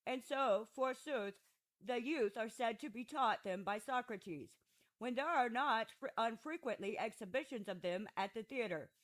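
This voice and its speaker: Reading a classic dialogue for an audiobook, a woman with a slightly high, natural voice speaks at normal speed, though the recording is rough. She voices an aging male philosopher defending himself at trial through patient, ironic questioning.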